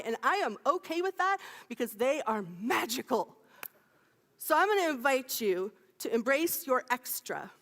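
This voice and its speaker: A woman's voice: high voice, fairly bright tone. A woman in her fifties giving a playful sermon, laughing often and chatting with the congregation. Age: 50s. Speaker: minister. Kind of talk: lively sermon. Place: church sanctuary. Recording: long hall reverb.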